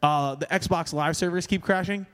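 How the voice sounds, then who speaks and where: Podcast co-host: a man with a slightly high voice, animated and swearing, in a room with long reverb. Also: moderate pace. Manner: animated, swearing, lots of fillers. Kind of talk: casual chat.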